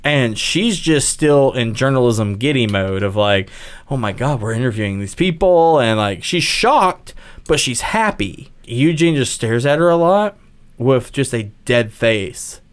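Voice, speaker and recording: A man co-hosting a casual movie-discussion podcast, retelling scenes with animated flair and acting out the characters. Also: mid-range voice, measured pace, smooth.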